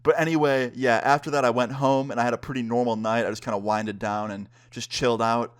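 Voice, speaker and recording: A man's voice: medium pitch, fairly even intonation, brisk, clear, resonant tone. A young man casually telling a personal story, acting out the lines of the people in it. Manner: laid-back, acts out quotes of friends.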